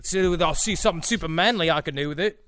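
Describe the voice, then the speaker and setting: A man's voice: on the high side, fast, bright, forceful tone, slight background noise, pitched below the performer's own voice. A man putting on a wobbly Yorkshire accent to play a boastful man showing off his motorbike, over the top and slipping between accents. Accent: Yorkshire, put on and wobbly. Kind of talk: comedy bit in a podcast.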